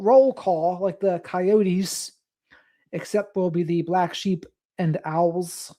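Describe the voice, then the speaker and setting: A late-night livestream host talks loosely into a desk mic, reading out comments from the audience and wandering off into side topics. The pitch sits in a middle range, and the delivery is easygoing and chatty. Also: fairly even intonation, slow pace, warm tone. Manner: rambling, reads out viewer comments and drifts into asides. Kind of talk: casual late-night live stream chat.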